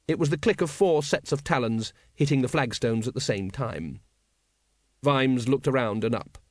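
A man reading a comic fantasy novel aloud as an audiobook narrator, with expressive, dryly comic storytelling. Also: mid-range voice, dry recording, studio quality. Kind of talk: scripted narration.

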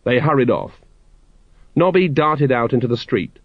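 A man narrating a story aloud in a wry, expressive way. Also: medium pitch, normal speed, no echo, lo-fi sound. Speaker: audiobook narrator.

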